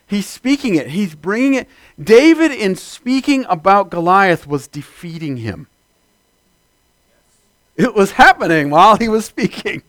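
A man's voice: high voice, measured pace, no echo. Fiery preaching man, dry close sound. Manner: energetic preaching, bursts into loud shouted amens. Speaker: pastor. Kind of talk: sermon.

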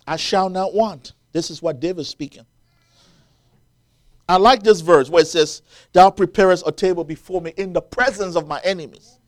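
A man's voice: high voice, normal speed, pauses often. A man preaching a sermon, quoting scripture and building to emphatic, rising peaks as the congregation answers.

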